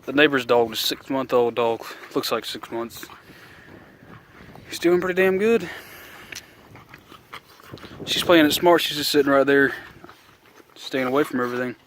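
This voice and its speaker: A man's voice: mid-range voice, a little slow, long pauses, a little hiss or hum. A man giving a rowdy, cussing play-by-play of his dogs wrestling, filmed on a phone at home. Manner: rowdy, cussing, excited, cheering on. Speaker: video host. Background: dogs playing.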